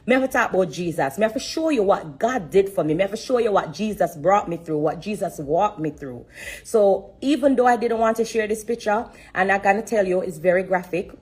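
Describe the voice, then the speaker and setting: A woman giving an emotional testimony on a live stream, religious and repetitive, pausing to breathe and fight back tears. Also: mid-range voice, expressive, a little mellow, breathy edge. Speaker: live streamer sharing her story.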